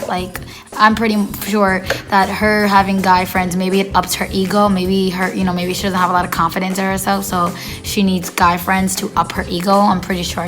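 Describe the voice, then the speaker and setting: A woman's voice: mid-range voice, fairly bright tone. A woman telling a casual storytime, rambling with lots of fillers and acting out what people said. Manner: rambling, filler-heavy, acts out quoted dialogue. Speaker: storytime vlogger.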